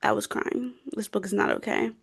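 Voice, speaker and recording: A woman's voice: medium pitch, steady tone, brisk, gravelly, husky. A young adult woman co-hosting a book chat, bubbly and gushing, full of fillers and giggles. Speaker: co-host of a book podcast. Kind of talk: casual chat.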